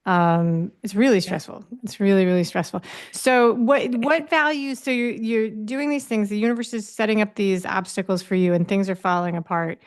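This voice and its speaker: A woman hosts a podcast interview in an easy, conversational way. Her voice sits at a medium pitch. Her questions wander and restart before she lands on them. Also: normal speed, few pauses. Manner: rambling questions with many restarts. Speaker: podcast host.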